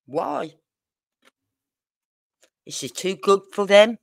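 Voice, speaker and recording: A woman's voice: mid-range voice, expressive, extremely slow, creaky, dry recording. Older brummie lady rambling on a livestream, dry close sound, gets fed up easy. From Birmingham, England. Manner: chatty and rambling, with exasperated asides. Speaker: true crime livestream host. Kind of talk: casual chat.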